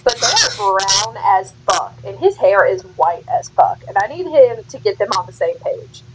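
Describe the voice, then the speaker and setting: A woman's voice: medium pitch, big pitch swings, normal speed, a crowd in the background, rough recording. Sassy, blunt woman, busy noise behind. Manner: blunt, sassy, swears freely. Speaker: podcast co-host. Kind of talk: casual chat recapping a film.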